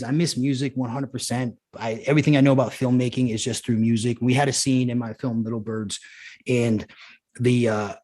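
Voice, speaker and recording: Guy rambling thru old punk band stories, lots of like and restarts, middle pitch, swears a bunch. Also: darkish tone. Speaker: podcast guest, showrunner and former punk musician. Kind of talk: casual conversational storytelling.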